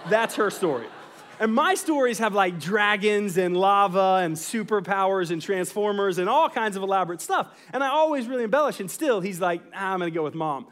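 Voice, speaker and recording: A man in his thirties preaching a sermon, telling a family story with animated asides and acting out quotes. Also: sits high. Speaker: pastor.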